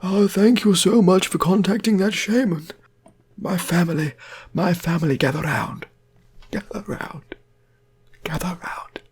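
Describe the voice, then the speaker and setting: A man's voice: high voice, husky, pitched above the performer's own voice, exaggerated voice. A man doing a gaunt, rambling undead man. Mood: grateful. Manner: slow, halting and rambling. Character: gaunt decrepit man back from the dead, rambling.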